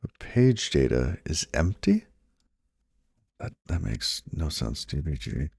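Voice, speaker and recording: A man with an extremely deep, low voice talks casually to himself while debugging code on a stream. He mutters and trails off, now and then chatting to his viewers. The sound is dry and close. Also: very animated, slow pace, vocal fry, a little mellow, husky, no room sound. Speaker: programmer live-streaming his coding.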